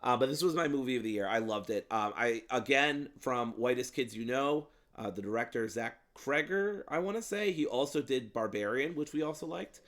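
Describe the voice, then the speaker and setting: A man's voice: medium pitch, animated, normal speed, hardly any pauses, fairly bright tone. A man co-hosting a casual movie review chat, rambling with lots of ums and some playful swearing. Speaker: podcast co-host.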